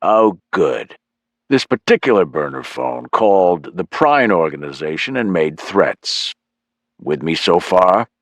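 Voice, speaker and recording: A man narrating an audiobook, playing a gruff, unhappy male federal agent who talks bluntly. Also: sits low, big pitch swings, a little slow, dry recording, clean studio sound, exaggerated voice. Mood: pressing.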